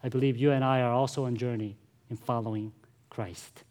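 A man's voice: mid-range voice, fairly even intonation, fairly quick, darkish tone. A male pastor preaching a sermon, earnest and emphatic, often addressing the congregation directly.

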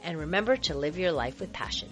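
A woman's voice: low voice, expressive, fast, over loud music. A woman hosting a radio talk show, chatting casually with many fillers and restarts.

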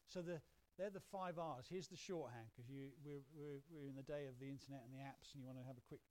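A middle-aged English pastor with a mid-range voice preaches a conversational sermon fast, with hardly any pauses. He is animated and acts out little quoted voices as he goes.

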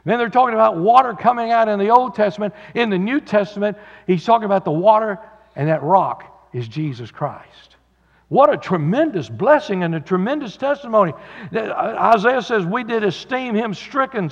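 A man's voice: high-pitched, animated, normal speed. Male preacher, folksy sermon delivery; muffled sound with long church reverb. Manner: folksy, paraphrasing scripture with repeated restarts. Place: church sanctuary.

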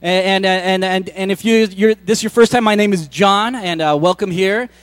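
Male pastor, middle-aged, high register, close dry sound; chatty sermon delivery that stumbles and restarts. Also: normal speed, clear, resonant tone, dry recording. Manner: conversational, joking asides with frequent restarts. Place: church.

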